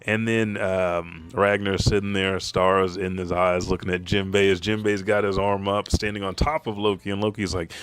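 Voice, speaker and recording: A man casually recapping comic chapter events with profanity and animated storytelling. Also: normal speed, few pauses, clear, resonant tone, no room sound. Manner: profane, animated storytelling, bursts into high-pitched character quotes. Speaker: manga spoiler commentator. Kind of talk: casual recap with acted-out character lines.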